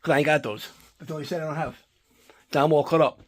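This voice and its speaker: A man's voice: fairly high pitch, quick pace. A man from New Jersey telling a long, rambling story about his holiday routine, swearing often and getting worked up. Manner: rambling, profane, animated when annoyed. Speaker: collector vlogger. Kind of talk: casual chat, storytelling.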